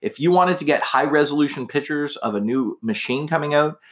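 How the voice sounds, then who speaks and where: A man's voice: fairly high pitch, fairly quick. Rambling, slightly tipsy male podcast host. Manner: rambling, chatty, many fillers and restarts. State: a little tipsy, slightly slurring. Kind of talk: casual solo podcast monologue.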